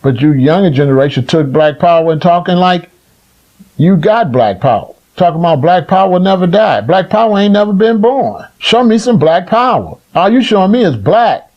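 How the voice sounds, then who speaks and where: A man lectures his listeners in a fiery, preaching rant. His voice sits a little higher than most men's and climbs into loud, near-shouted rhetorical questions. His talk is blunt and profane and keeps hammering the same phrases. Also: lo-fi sound. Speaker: community elder speaking on a livestream.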